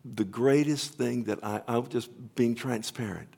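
A man in his fifties preaching a sermon, rambling with restarts, then building to loud, emotional proclamation and pleading. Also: medium pitch, a little slow, vocal fry, husky. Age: 50s. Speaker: pastor. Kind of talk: sermon with altar call.

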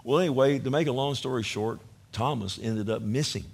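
A man with a Texan accent preaching a sermon with passion, moving from loud urging to quiet storytelling. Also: medium pitch, a little fast, vocal fry, husky. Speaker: pastor.

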